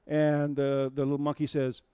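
A man's voice: on the high side, completely flat delivery, normal speed, mellow, clean tone, no echo. Storytelling male preacher, dry sound. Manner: storytelling, asks the audience questions. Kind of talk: sermon.

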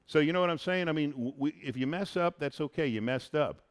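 A married man hosting a casual faith-based chat, who talks in an animated, preachy way and repeats phrases for emphasis. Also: fairly high pitch, brisk, clean tone. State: married, has a son.

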